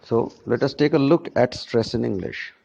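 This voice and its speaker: A man teaching a pronunciation lesson to students, speaking slowly and often checking in with "right?". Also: medium pitch, creaky, a little mellow, husky, lo-fi sound. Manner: slow and deliberate, checks in with "right?". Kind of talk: classroom lecture on pronunciation.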